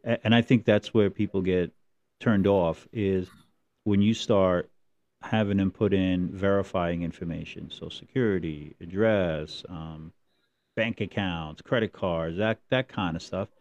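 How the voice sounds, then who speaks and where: Low, mellow-voiced man chatting casually. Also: unhurried, dull audio. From New Jersey. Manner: rambling, animated storytelling with mimicked voices. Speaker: podcast co-host. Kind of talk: casual chat.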